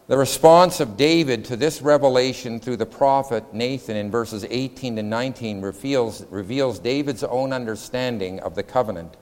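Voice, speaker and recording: A man's voice: mid-range voice, normal speed, hardly any pauses, a little mellow. Methodical male lecturer in an echoing hall. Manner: methodical, counts points aloud, asks the class questions. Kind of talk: classroom lecture on scripture.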